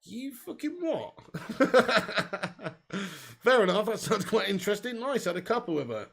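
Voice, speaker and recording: A young man hosts a live football watch-along, calling the play and reading out viewer comments. His voice sits a little high, with a gravelly edge. He is chatty and laughs easily. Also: lively intonation, a little slow, fairly bright tone. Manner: chatty, laughs often, reads out chat comments. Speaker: host.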